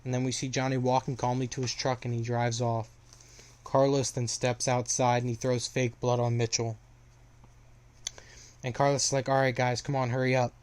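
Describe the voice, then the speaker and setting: A man's voice: mid-range voice, little pitch movement, moderate pace, pauses often, a little mellow. A young man casually retelling a story in a rambling way, with lots of fillers and restarts.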